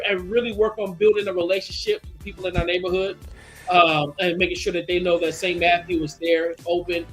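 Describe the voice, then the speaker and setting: A man's voice: high voice, fairly bright tone. A man, a pastor co-hosting a radio show, chatting casually with many restarts and fillers. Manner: rambling, halting, with many restarts. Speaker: pastor and co-host.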